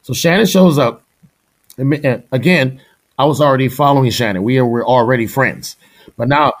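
A middle-aged man from Houston tells stories from his years as a drummer in a relaxed interview. He is animated, laughs easily and slips into the voices of the people he quotes. His pitch sits in a middle range for a man. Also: moderate pace. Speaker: guest musician, drummer. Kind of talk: casual storytelling interview.

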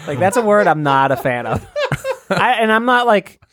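A man joking crudely and deadpan in casual comedy podcast banter. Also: sits high, normal speed, no echo, clean studio sound. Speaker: podcast co-host.

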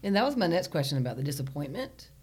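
A woman's voice: low-pitched, sing-song, fast talker, a little mellow, slightly rough. A woman from Charlotte who co-hosts the podcast, chatty and self-deprecating as she asks the guest questions. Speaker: podcast co-host. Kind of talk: casual interview conversation.

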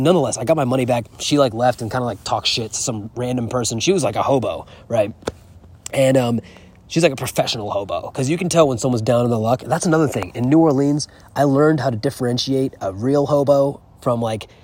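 A man's voice: medium pitch, fast talker, a little mellow, breathy edge. A man talking in a casual, rambling and profane vlog monologue, recorded outdoors on a horse farm. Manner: rambling, profane, candid storytelling. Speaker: travel vlogger.

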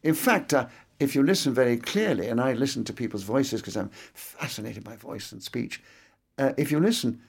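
Gravelly older man with crisp diction. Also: medium pitch, animated. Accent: English with a Scottish inflection. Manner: crisp actor's diction, measured and explanatory. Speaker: guest. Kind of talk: interview.

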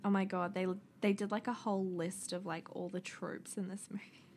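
A young woman, co-hosting a podcast in casual chat, blunt, excitable and quick to swear. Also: mid-range voice, a little hiss or hum. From New Zealand. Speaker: podcast co-host.

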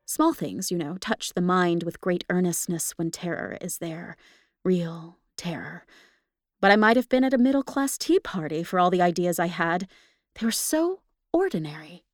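Lowish-voiced woman reading a ghost story. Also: moderate pace, no room sound, clean studio sound. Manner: expressive, laughs at the text between passages. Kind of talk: reading a story aloud with casual asides.

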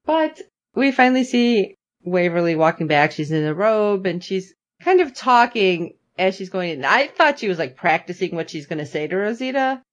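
Animated woman recapping with lively pitch. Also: moderate pace. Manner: animated, acts out characters' lines with big pitch jumps. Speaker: podcast co-host recapping a TV episode. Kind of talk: casual chat.

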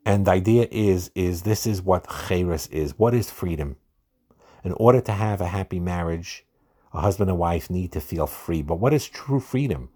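Low-pitched male podcast host, earnest and unscripted, repeats as he goes. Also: normal speed, dark tone. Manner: earnest, repeats words when starting a thought. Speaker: podcast host giving marriage advice. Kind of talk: solo podcast talk.

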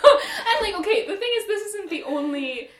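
A woman guest chatting casually, laughing her way through a funny story. Her voice sits high, and the room adds a clear echo. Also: very animated, moderate pace, fairly bright tone. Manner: giggly, storytelling with frequent laughs. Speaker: guest musician. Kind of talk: casual chat.

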